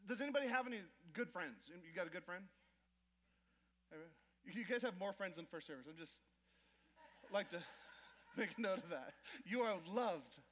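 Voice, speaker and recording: A man preaching a sermon as pastor, telling stories with lively acted-out asides and joking with the congregation. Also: high voice, moderate pace, pauses often. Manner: animated storytelling with acted asides to the crowd. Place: church auditorium. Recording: long hall reverb.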